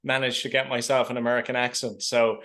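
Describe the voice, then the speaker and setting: A man with a soft, mild Irish accent, speaking as a podcast guest. He is articulate and considered, sometimes restarting a phrase while he thinks, in a mid-range voice. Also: medium pitch, little pitch movement, quick pace. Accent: Irish Midwest, mild. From Ireland. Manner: thoughtful, articulate, some hesitant restarts. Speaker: interview guest. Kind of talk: conversational interview answers.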